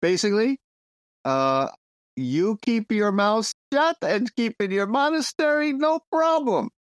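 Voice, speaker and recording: A lively New man hosts a casual podcast, swinging his fairly high voice up and down as he jokes and explains. The sound is dry and close to the mic. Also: measured pace, clean tone, no echo. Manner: animated, jokey storyteller. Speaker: podcast host and Zen teacher.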